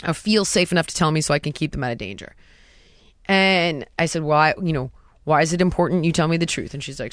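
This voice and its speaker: A woman hosting a podcast, casually telling a personal story and dropping her voice softly when she quotes someone. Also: low-pitched, fast talker, no room sound. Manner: animated retelling, drops to a soft hush for quotes. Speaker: podcast host.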